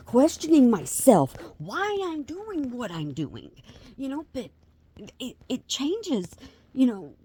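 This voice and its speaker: A woman's voice: medium pitch, warm tone, breathy edge. A middle-aged woman, rambling through a casual vlog with many restarts and self-deprecating asides. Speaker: vlogger.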